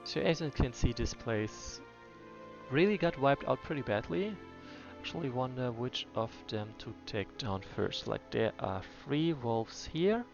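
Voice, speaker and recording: A man's voice: medium pitch, lively intonation, unhurried, vocal fry. Man musing over his gameplay, lo-fi. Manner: muses to himself, hesitant with many fillers. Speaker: game player. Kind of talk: casual gameplay commentary. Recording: dull lo-fi voice with faint music.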